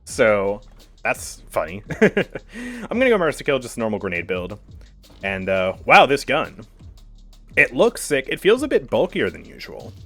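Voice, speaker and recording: A man's voice: mid-range voice, huge pitch swings, unhurried, a bit bright, faint music behind. A man streaming a game live, chatting casually with his viewers and laughing often as he comments.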